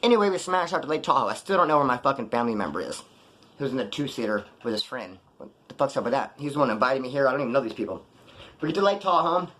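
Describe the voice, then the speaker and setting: A man's voice: medium pitch, very fast. A young man telling a story in a casual monologue, full of slang and swearing, acting out what people said. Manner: profane slangy street talk, animated retelling. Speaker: vlogger telling prison and post-release stories.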